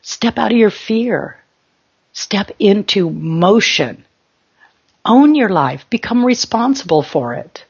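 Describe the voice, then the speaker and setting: A woman's voice: medium pitch, expressive, slow, vocal fry, slightly rough, dull audio. A woman spiritual teacher giving an emphatic motivational talk in short, exhorting commands.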